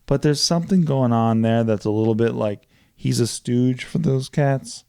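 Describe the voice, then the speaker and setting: A man in a loose, casual chat, swearing freely as he recaps movie plots with lively energy. His voice sits at an ordinary middle pitch with a mellow, dark tone. The sound is dry and close. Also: moderate pace, clear, resonant tone, no echo. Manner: profane, animated retelling of movie plots. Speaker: podcast co-host.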